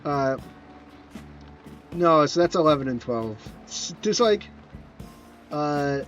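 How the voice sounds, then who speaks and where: Rambling man streamer, lively voice. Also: fairly high pitch, slow pace, dull audio, faint music behind. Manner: rambling, self-correcting, answers chat questions. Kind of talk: casual chat while streaming a game.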